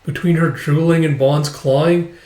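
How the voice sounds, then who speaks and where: A man's voice: a little high, fairly even intonation, normal speed, warm tone. A man casually retelling a story in a chatty, offhand way. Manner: casual, peppered with "it's like". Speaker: video host retelling a comic chapter. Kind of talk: casual recap with voiced parts. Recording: roomy echo.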